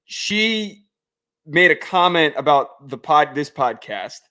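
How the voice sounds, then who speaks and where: A man co-hosting a podcast, telling animated stories in casual chat and swearing freely. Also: a little high, slow pace. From United States. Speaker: podcast co-host.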